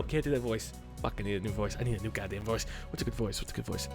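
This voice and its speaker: A man's voice: lowish voice, fairly even intonation, very fast, vocal fry, hardly any pauses, soft background music. A young man hosting a gaming video, reading a visual novel aloud with rambling, profane, joking asides. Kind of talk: let's play commentary reading a visual novel.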